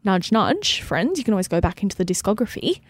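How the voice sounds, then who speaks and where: An easygoing woman co-hosting a podcast, chatting loosely with plenty of fillers and asides. Her voice is mid-pitched and recorded close and dry, with no room sound. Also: sing-song, a little fast, dry recording. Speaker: podcast co-host. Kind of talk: casual chat.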